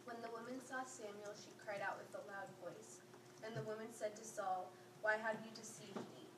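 A woman reading scripture aloud in a steady way during a group Bible study. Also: mid-range voice, normal speed. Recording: echoey, distant, loud background noise.

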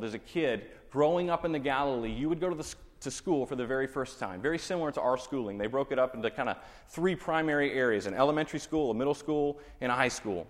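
A man's voice: mid-range voice, in a large hall. A man with a Texan accent, a pastor giving a conversational teaching sermon full of rhetorical questions. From Texas.

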